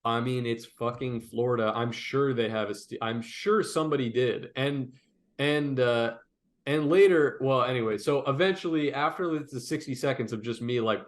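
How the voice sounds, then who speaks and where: Young male podcast co-host, lively and swearing, casual anecdote delivery. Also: medium pitch, moderate pace. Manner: animated, profane, frequent "like" fillers. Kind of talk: casual storytelling chat.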